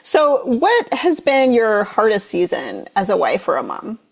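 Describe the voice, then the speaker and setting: A woman's voice: medium pitch, very animated, measured pace, gravelly, husky, low-quality recording. Woman hosting a podcast interview. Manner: brief affirming interjections and questions. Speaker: podcast host. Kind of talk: casual interview.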